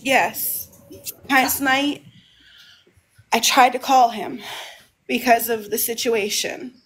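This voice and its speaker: Woman on a home livestream; somewhat high pitch, rambling, restarts phrases often. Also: steady tone, slow, a bit bright, husky. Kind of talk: casual live monologue.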